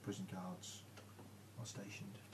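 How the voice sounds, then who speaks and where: A man's voice: sits low, completely flat delivery, takes it slowly. A man narrating as game master of a tabletop game, describing scenes with fillers. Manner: hesitant, with fillers. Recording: noisy room recording.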